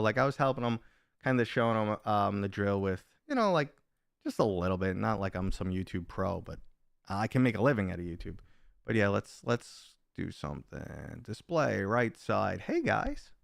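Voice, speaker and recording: A man's voice: lowish voice, creaky, no echo, clean studio sound. A middle-aged man chatting casually on a live stream, rambling and joking while reading viewers' comments aloud.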